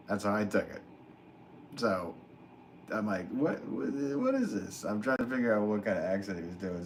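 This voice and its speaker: A man, a potter, chatting casually on a live stream while he works, reading out viewer comments in a relaxed, rambling way with lots of fillers. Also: low-pitched, a little hiss or hum. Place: pottery studio.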